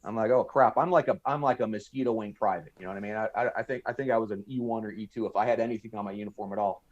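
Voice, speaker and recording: A man's voice: on the low side, rapid-fire, highs cut off. An American man in his fifties, a podcast guest telling a long story in casual talk, acting out the voices of people he quotes. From United States. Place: podcast studio.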